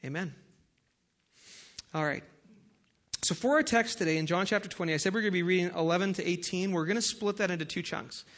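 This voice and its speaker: A man with a notably high voice preaches a sermon. He talks in a relaxed, conversational way, with everyday asides and fillers. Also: fast talker. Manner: prays in a soft, lowered voice. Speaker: pastor.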